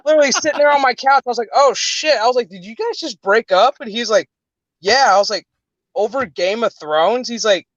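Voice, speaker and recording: A high-pitched man rattling off crude, profane stories between bursts of laughter. His voice sits dry and close, with a dull, lo-fi muffle to the recording. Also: animated, fairly quick, fairly bright tone, no room sound. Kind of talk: casual chat.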